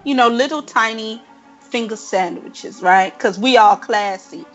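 Playful, animated woman podcast host. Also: on the high side, unhurried, lo-fi sound, faint music behind. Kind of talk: casual chat.

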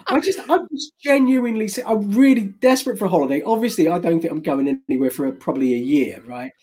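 Husky-voiced English man telling stories. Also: high voice, animated, darkish tone. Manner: rambling anecdotes with restarts, quick laughs. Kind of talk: casual chat, storytelling.

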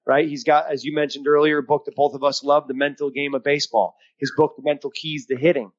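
A man's voice: a little high, flat delivery, fast, highs cut off. A man co-hosting a podcast as a mental performance coach, talking with emphatic coaching energy over a video call. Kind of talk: casual podcast chat.

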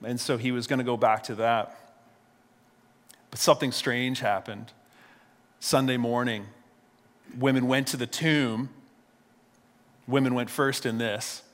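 Male pastor, conversational storytelling sermon, mid pitch, long hall reverb. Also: steady tone, measured pace, long pauses, fairly bright tone. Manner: conversational, repeats words at restarts.

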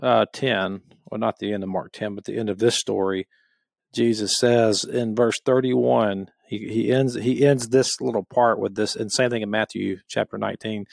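A man's voice: fairly low pitch, steady tone, moderate pace, vocal fry, dry recording, studio quality. A man co-hosting a podcast, leading a Bible discussion and reading scripture aloud in an earnest, emphatic way with frequent restarts. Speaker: podcast co-host.

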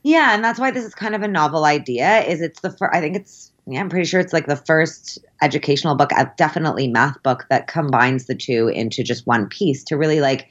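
A low-voiced woman talks fast and animatedly as a podcast guest, her speech full of filler "likes". The recording is a bit dull and lo-fi. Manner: quick, animated, peppered with likes. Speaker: guest, math teacher and musician. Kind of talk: casual interview chat.

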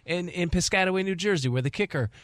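A man's voice: high-pitched, fast talker, no room sound, clean studio sound. A man in his forties, a sports radio host, telling a long story in casual chat and acting out the people in it. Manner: animated storyteller, acting out quotes. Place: radio studio. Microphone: studio mic.

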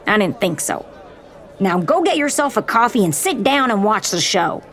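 A woman's voice: medium pitch, sing-song, moderate pace, fairly bright tone, some chatter behind, slight background noise, voice pushed up. A woman reading an audiobook, voicing a stern male gunslinger officer who mocks and commands a recruit. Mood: scornful. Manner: scornful, commanding.

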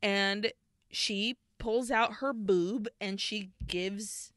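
A woman co-hosting a podcast recaps a film casually, retelling its scenes in detail and laughing when she gets emotional. Her mid-range voice is steady and a bit bright, and she speaks extremely slowly. The studio sound is clean with no echo.

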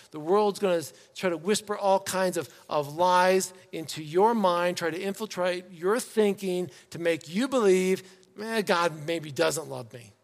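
In an echoing church sanctuary, a high-pitched man preaches a sermon as the pastor. He keeps it conversational yet lively, performing the quotes he cites.

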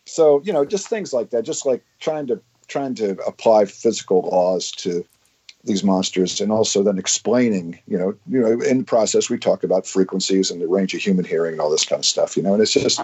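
A man's voice: on the low side, animated, fairly quick, darkish tone, slightly rough. A man explaining science in casual podcast chat, with frequent restarts and fillers.

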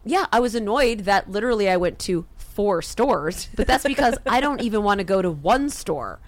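A woman rants on a comedy podcast, swearing freely and jumping between quick asides with lively energy. Her voice is recorded close and dry. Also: medium pitch, dry recording. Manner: profane, animated ranting with quick asides. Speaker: podcast co-host. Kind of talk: casual comedic podcast rant.

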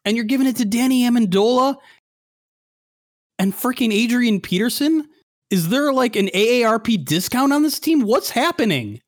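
A man with a notably high voice is co-hosting a casual sports podcast, picking apart bad play calls with rising frustration. The sound is dry and close, with no room around him. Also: moderate pace, no room sound. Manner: rant building from disappointed to shouting angry. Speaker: podcast co-host.

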